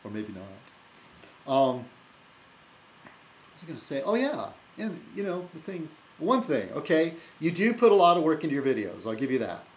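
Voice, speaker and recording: A man's voice: on the high side, big pitch swings, slight background noise, low-quality recording. Rambling, teasing male video blogger. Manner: halting, many fillers and restarts, teasing, chuckling. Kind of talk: rambling casual vlog chat.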